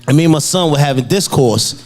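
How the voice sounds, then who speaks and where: A middle-aged man tells a story on a casual talk show, loud and animated, breaking into laughter and shouts. His voice sits a little high for a man. Soft music runs faintly behind him. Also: brisk. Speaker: co-host. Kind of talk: casual chat.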